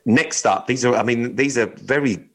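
A man's voice: medium pitch, normal speed, poor audio. A man co-hosting a podcast, chatting casually and reading odd news items aloud in a blunt, joking, sweary way. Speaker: podcast co-host.

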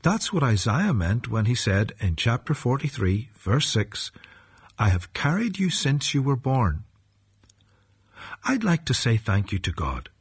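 Very husky man giving a children's devotional. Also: medium pitch, sing-song, unhurried, dry recording, studio quality. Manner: friendly direct address, leads a prayer.

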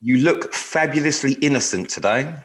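A man's voice: mid-range voice, lively intonation, normal speed. A man co-hosting a podcast in casual chat, with dry teasing banter. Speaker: podcast co-host.

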